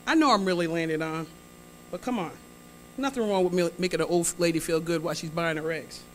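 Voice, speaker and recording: A woman with a lowish, brisk voice tells a comic story as a guest speaker on stage in a large hall, with a faint hiss or hum in the audio. She chats with the audience, teases and prompts them, and acts out the dialogue.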